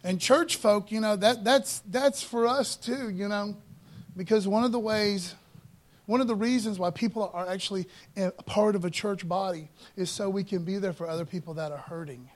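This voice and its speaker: A man preaching a sermon in a casual, conversational way, often adding "man" and "you know" and slowing down to read scripture with emphasis. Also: high-pitched. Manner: reads scripture slowly and emphatically. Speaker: pastor.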